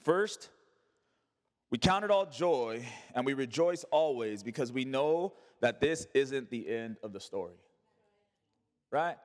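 A man's voice: medium pitch, expressive, slow, long pauses, big-room sound. A male pastor preaching a sermon, asking rhetorical questions and calling on the congregation to repeat words back.

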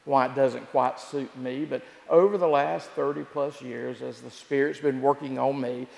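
A man preaching a sermon as pastor, telling the story with repeated phrases and dramatic pauses. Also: medium pitch, fairly even intonation, gravelly, a little mellow. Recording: echoey hall with long reverb.

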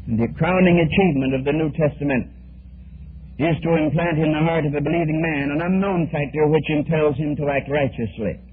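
A man's voice: fairly high pitch, brisk, a little hiss or hum. A man preaching a sermon in an earnest, emphatic way, often restarting his phrases. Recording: tinny old archival radio recording.

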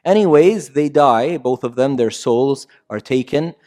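A middle-aged man preaching a sermon in a conversational way, swinging from loud emphatic lines to quiet soft ones and often asking "right?". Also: mid-range voice, lively intonation, unhurried. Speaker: pastor.

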